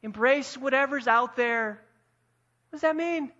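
A man preaching a sermon as pastor, emphatic, building to forceful peaks and dropping low again. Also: a little slow, muffled recording. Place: church sanctuary.

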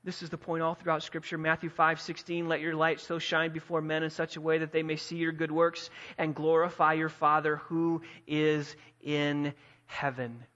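A man preaching a sermon as pastor, emphatic, building to forceful peaks and dropping low again. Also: little pitch movement, normal speed, lo-fi sound. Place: church sanctuary.

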